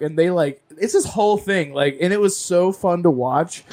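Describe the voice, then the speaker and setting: Rambling higher-voiced man telling a story. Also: moderate pace, hardly any pauses. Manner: rambling storyteller with many fillers. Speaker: podcast co-host. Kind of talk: casual chat.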